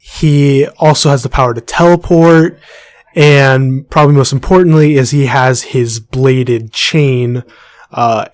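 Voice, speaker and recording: A young man chatting on a podcast in a dry, close-miked sound. He talks at a medium pitch with a playful, teasing edge as he runs the show. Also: steady tone, measured pace, no room sound. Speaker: podcast co-host. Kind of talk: casual podcast chat.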